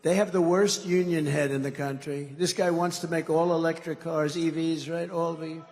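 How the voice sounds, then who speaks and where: A man's voice: a little high, steady tone, normal speed, darkish tone. An older man speaking as a political candidate at a campaign rally, rambling and mocking, teasing the crowd with asides. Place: large rally hall with crowd. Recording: long hall reverb, faint ambience.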